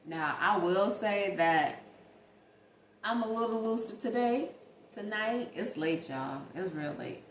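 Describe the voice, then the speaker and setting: A woman's voice: medium pitch, takes it slowly. A young woman talking casually and animatedly straight to her viewers in a late-night vlog. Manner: chatty, animated, talks straight to viewers as "y'all". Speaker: vlogger. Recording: echoey room with faint ambient noise.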